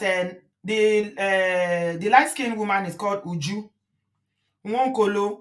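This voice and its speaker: A woman's voice: mid-range voice, a bit bright. A woman in her forties with a Nigerian accent, giving outspoken, emphatic commentary as host of her own channel and slipping into Pidgin. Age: 40s. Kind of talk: opinionated commentary.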